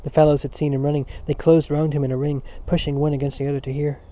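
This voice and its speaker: Male narrator, measured storytelling, dark warm timbre, dull lo-fi recording. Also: on the high side, flat delivery. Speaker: audiobook narrator. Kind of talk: scripted narration.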